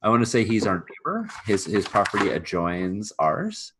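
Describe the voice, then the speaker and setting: A man's voice: fairly low pitch, sing-song, moderate pace, background noise. A man talking through a tabletop role-play scene with hesitant, rambling speech. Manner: hesitant, rambling, filler-heavy. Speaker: player.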